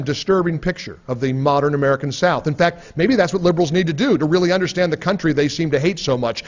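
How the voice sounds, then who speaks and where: A man reading a nonfiction book aloud in a sarcastic, mocking manner. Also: a little high. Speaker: audiobook reader. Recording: dull lo-fi recording.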